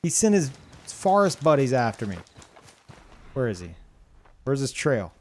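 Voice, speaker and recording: A man's voice: mid-range voice, big pitch swings, a little slow, darkish tone. A young man streaming a game live, reacting with swearing and exclamations and talking to his chat. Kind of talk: live gameplay commentary.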